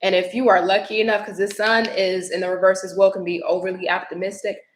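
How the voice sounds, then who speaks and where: A woman doing a live-stream tarot reading, chatty and expressive, greeting viewers by name. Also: medium pitch, fast talker, roomy sound, poor audio. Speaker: tarot reader.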